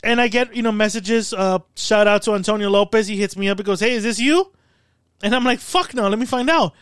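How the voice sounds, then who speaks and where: A man's voice: sits high, fairly quick, smooth, dry recording, clean studio sound. A man hosting a podcast in casual chat, telling stories animatedly and swearing often. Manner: profane, animated storytelling. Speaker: podcast host. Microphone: studio mic.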